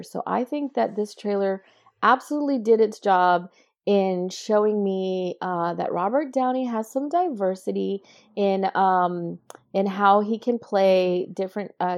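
Woman, 30s, podcast co-host, chatty and upbeat, casual talk. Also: medium pitch. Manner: enthusiastic, chatty. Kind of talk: casual chat.

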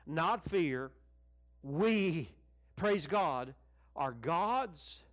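A middle-aged man with a notably high voice preaches a televised sermon. He is fervent, rising to bright exclamations and then dropping to near-hushed lines for emphasis. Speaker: pastor.

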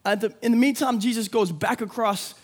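A man preaching a sermon with energy, building to shouts and acting out quick voices for the people in the story. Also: sits high. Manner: energetic, rising to shouts, acts out disciples' voices. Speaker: pastor.

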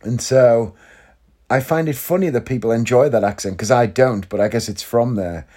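A man's voice: mid-range voice, moderate pace, mellow. Chatty man musing in a vlog. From Northeast England. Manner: chatty, leans on tag questions like "isn't it?". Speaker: vlogger. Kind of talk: casual vlog monologue.

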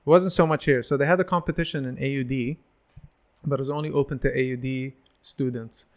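Animated storytelling man in his thirties. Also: medium pitch, fast. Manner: animated, acts out quoted voices. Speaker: stand-up comedian, guest. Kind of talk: casual storytelling chat.

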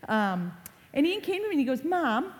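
A woman's voice: sits high, very animated, a little fast. A woman in her forties giving a talk to a live audience, telling stories and acting out quotes. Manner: chatty storyteller, acts out quotes. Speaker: speaker on online reputation. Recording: reverberant hall.

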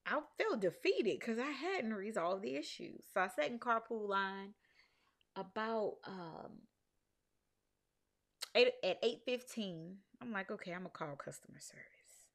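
A woman, casually telling viewers a faith story about her business and jumping high in pitch when she quotes herself. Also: lively intonation, takes it slowly. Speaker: small business owner sharing a testimony.

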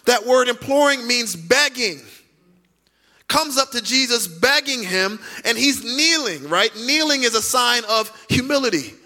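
High, bright-voiced preaching pastor. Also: male voice, lively intonation. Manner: preaching with dramatic pauses and emphatic drawn-out words; conversational, asks the congregation direct questions. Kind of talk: sermon. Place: church sanctuary.

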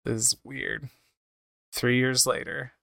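A man's voice: medium pitch, level tone, slow pace, gravelly, bright, forceful tone, dry recording. A man giving casual let's-play commentary, describing what happens on screen and sometimes reading game dialogue aloud in put-on voices. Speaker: game streamer.

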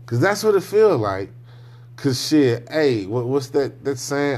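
A man's voice: medium pitch, lively intonation, a little slow, darkish tone. A man talking in a loose, rambling monologue, frank and profane, often checking in with his listener. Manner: loose, rambling, often asks "you know what I'm saying"; frank and profane, with slangy speech. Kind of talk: casual monologue.

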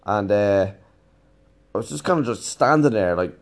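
Animated man telling a story. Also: fairly low pitch, normal speed. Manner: animated, swears freely, rambling. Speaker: teacher and storyteller. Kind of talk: casual anecdote monologue.

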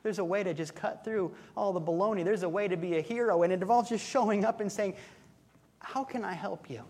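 A male pastor giving a conversational sermon, telling a story with relaxed humor and asides. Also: sits high, fast talker.

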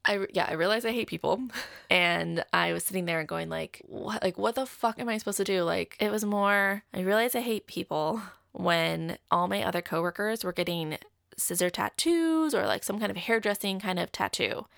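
Chatty young woman with a gravelly edge. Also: fairly low pitch, moderate pace, fairly bright tone, no echo, studio quality. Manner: chatty, fills talk with "like". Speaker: storyteller. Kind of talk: casual personal story.

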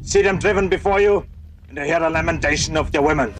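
A man's voice: on the high side, a little fast, a crowd in the background, close to an everyday voice. An actor playing a ruthless barbarian warrior man, declaiming heavily in a film scene. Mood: gloating. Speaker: film clip played on a soundboard. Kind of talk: film dialogue. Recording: film soundtrack with loud music.

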